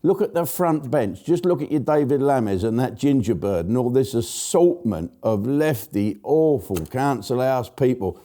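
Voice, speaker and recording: An older man rants bluntly through a jokey political monologue, mocking and laughing at his own quips. His voice sits dark and mellow at an ordinary pitch. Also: lively intonation, unhurried, few pauses. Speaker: show host. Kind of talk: casual political comedy monologue.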